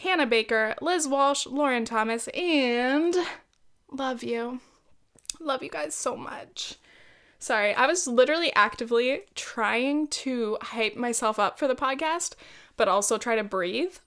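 Young woman podcast host, kinda high voice, rambly and giggly, laughs at herself a lot. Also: a bit bright, smooth. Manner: chatty, giggly and self-deprecating. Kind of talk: casual solo podcast chat.

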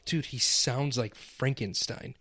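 A man's voice: mid-range voice, slow pace, sharp tone, slightly rough, no room sound. A man co-hosting a sports podcast, chatting casually with a teasing, joking manner. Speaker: podcast co-host. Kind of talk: casual chat.

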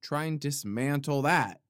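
A man hosting a podcast, talking in a playful, rambling comedic monologue that wanders off on tangents, with sudden loud outbursts. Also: on the high side, slow pace, no echo, studio quality. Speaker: podcast host.

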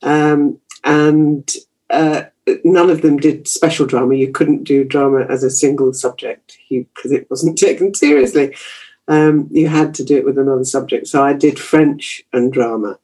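A man's voice: mid-range voice, fairly even intonation, normal speed, darkish tone. A man, a journalist being interviewed, telling stories from his youth in a chatty way, laughing easily and restarting his sentences. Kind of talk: reflective conversational storytelling.

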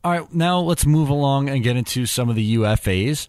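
A man's voice: medium pitch, expressive, a little fast, a little mellow, dry recording, studio quality. A man hosting a casual hockey podcast, steering the talk with an easygoing, slightly hesitant manner. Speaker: podcast host.

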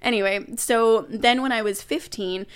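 A young adult woman, a podcast guest, telling a personal story in casual chat, animated, laughing and swearing now and then. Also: on the high side, moderate pace, smooth.

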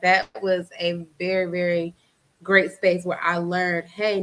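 A woman from Atlanta talking as a fitness-trainer guest in a casual podcast interview, lively and quick to laugh. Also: lowish voice. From Atlanta, Georgia, US. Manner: animated, acts out quoted voices, laughs easily.

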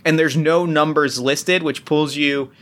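A man narrating as game master, talking in halting bursts full of restarts and fillers. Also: a little high, fairly even intonation, fairly bright tone.

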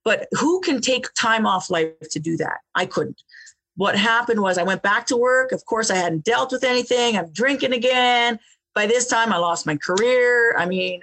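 A woman guest telling her life story in an interview, animated, often repeating words and laughing between phrases. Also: medium pitch, moderate pace. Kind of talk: personal storytelling in conversation.

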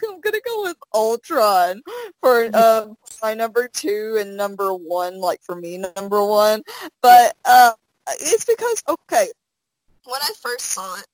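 A woman's voice: mid-range voice, no echo, poor audio. A young adult woman co-hosting a podcast in casual chat, rambling with fillers and laughing often. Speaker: podcast co-host.

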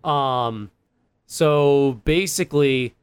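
A young man tells a long story on a podcast, full of fillers and quick laughs. His voice is smooth and resonant, and the recording is dry and close. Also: medium pitch, no room sound. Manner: rambling, many fillers and laughs. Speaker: podcast co-host. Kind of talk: casual storytelling chat.

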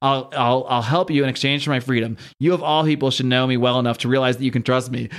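A man's voice: medium pitch, steady tone, fast talker, lightly acted. A man voicing a shape-shifting alien woman who speaks earnestly and pleads to be trusted. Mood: pleading.

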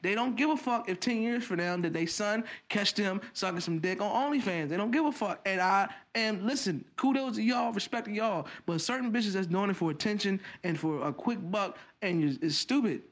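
A man's voice: high-pitched, brisk, hardly any pauses. A man co-hosting a podcast, ranting bluntly and profanely in casual chat. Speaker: podcast co-host.

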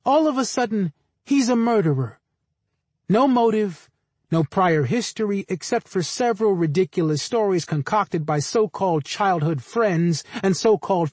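A man voicing a smooth defense lawyer addressing a jury, persuasive and insinuating. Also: sits high, a little mellow, dry recording.

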